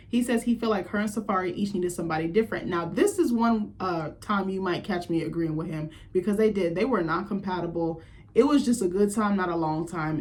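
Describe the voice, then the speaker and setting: A woman chats her way through a reality TV recap in a blunt, gossipy voice. She swears freely and laughs often, and her pitch leaps up when something amuses her. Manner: blunt, profane, gossipy commentary with quoted reactions. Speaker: recap host.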